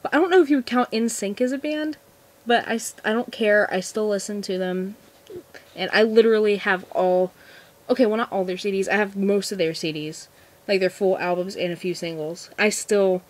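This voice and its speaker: A woman's voice: medium pitch, normal speed. A seventeen-year-old girl answering viewer questions in a casual vlog, nervous and giggly, rambling with lots of restarts. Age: teens. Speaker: vlogger.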